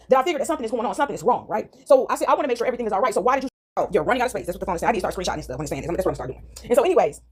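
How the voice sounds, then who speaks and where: A woman ranting casually to her viewers from home into a phone, animated and rambling, tagging on "right?" and "y'all" constantly. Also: fairly high pitch, racing, hardly any pauses. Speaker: vlogger. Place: at home, indoors.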